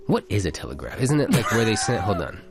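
A man's voice: on the low side, huge pitch swings, quick pace, gravelly, over loud music. A man co-hosting a casual radio chat, reading listener messages and jokes aloud in a laid-back way. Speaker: radio show co-host.

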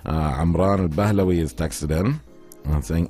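Deep-voiced joking radio host. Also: male voice, normal speed, warm tone, soft background music. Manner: reads listener messages aloud, jokey. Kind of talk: casual radio banter.

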